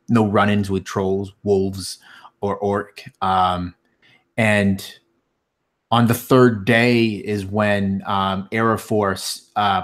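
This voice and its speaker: A man narrating a tabletop fantasy game as game master, halting often with ums and restarts. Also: lowish voice.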